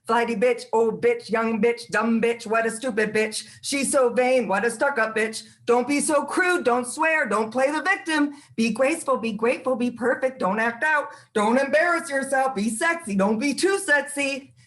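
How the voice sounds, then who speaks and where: A woman with a somewhat high voice performs a spoken word poem at an open mic. She delivers short phrases one after another in a steady, rhythmic way.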